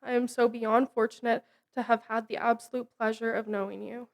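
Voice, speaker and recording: A young woman reads a eulogy in a solemn, measured voice. Her pitch is fairly high but stays flat and even, with little rise or fall. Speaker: grandchild giving a eulogy. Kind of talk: read memorial tribute.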